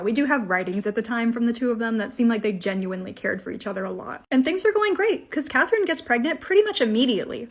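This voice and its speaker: A woman with a fairly high voice tells history as a casual comedy piece. She is irreverent, slangy and freely profane, more like gossip with friends than a lecture. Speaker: history podcast host.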